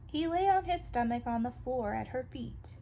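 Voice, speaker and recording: A woman reading a children's story aloud in a calm, even storytelling manner. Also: high voice, normal speed, a little hiss or hum, low-quality recording. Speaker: storybook reader.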